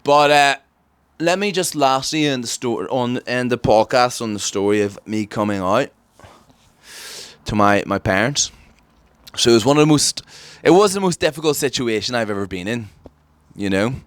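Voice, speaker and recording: A man's voice: medium pitch, normal speed, pauses often, clear, resonant tone, dry recording. A man with an Irish accent hosting a podcast, delivering an emphatic, ranting satirical comedy monologue. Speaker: podcast host.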